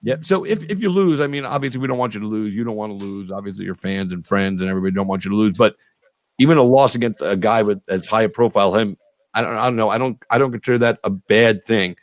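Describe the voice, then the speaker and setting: A man's voice: lowish voice, quick pace, dry recording. Rambling, cursing male podcast host. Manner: rambling, profane, laughs a lot. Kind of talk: casual interview.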